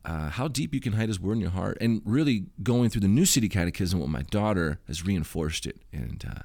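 A man's voice: deep voice, lively intonation, fairly quick, creaky, darkish tone, no echo, clean studio sound. A man co-hosting a podcast who affirms his partner and shares his own reflections in casual faith talk. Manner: affirming, backchannels "yeah" and "absolutely". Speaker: podcast co-host.

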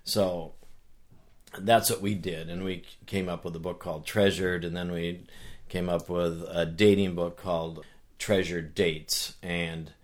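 A man talking as a guest in a casual conversation, telling a story with animated energy and earnest restarts. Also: low-pitched, measured pace. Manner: animated storyteller who acts out voices. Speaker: author and guest.

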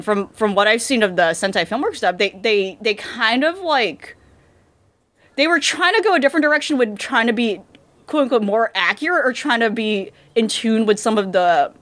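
A woman's voice: mid-range voice, a bit bright. A woman co-hosting a podcast, chatting casually and rambling with many fillers and restarts. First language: English. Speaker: podcast co-host. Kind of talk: casual chat about anime dubs.

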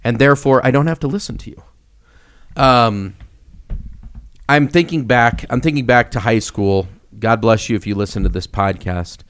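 A man's voice: medium pitch, moderate pace. Young guy podcast host, storytelling, lots of ups and downs in his voice. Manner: animated storyteller, acts out quoted voices. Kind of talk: casual podcast chat.

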